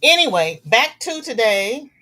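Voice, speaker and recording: A woman's voice: a little high, big pitch swings, unhurried, sharp tone. A middle-aged woman hosting a crochet livestream, chatting casually with viewers and reading their comments, sympathetic and prone to repeating words.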